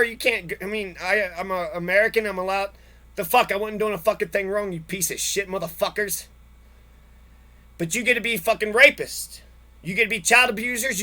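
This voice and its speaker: High bright-voiced man, angry profane rant. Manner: angry, profane, repetitive ranting. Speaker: speaker telling his own story. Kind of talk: angry personal monologue.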